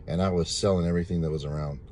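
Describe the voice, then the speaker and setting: A man's voice: low voice, fairly even intonation, very fast, darkish tone, a little hiss or hum. A man casually telling viewers a rambling, repetitive personal testimony, full of thanks to God. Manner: religious, thankful. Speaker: storyteller sharing a testimony.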